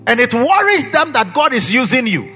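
A man preaching a sermon to a pastors' conference, breaking into shouts and sung phrases. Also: very high-pitched, very animated, moderate pace. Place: conference hall. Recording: long hall reverb, faint music.

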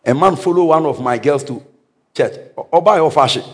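A man preaching an energetic sermon as pastor, breaking into sudden shouts and laughing at his own stories. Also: on the high side, brisk.

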